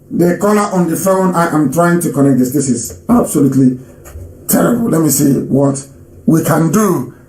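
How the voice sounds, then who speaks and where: Emphatic man with high voice, echoey room. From Nigeria. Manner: emphatic, repeats phrases for stress. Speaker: radio host taking calls. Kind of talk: live radio broadcast address. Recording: roomy echo.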